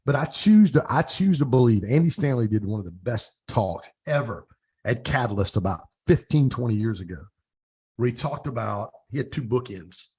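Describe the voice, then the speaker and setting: A middle-aged man with a gravelly, husky voice tells a story in a relaxed interview. He is animated and acts out the lines of the people he quotes, and his voice is pitched in an ordinary range for a man. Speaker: podcast guest.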